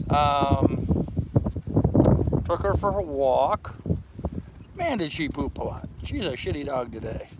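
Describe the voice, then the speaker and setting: Older guy rambling on a boat livestream, kinda high voice, heavy wind noise on the mic. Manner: rambling, chatty, greets viewers by name. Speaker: vlogger doing a live stream. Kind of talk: casual live-stream chat. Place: aboard a sailboat. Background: wind and boat ambience.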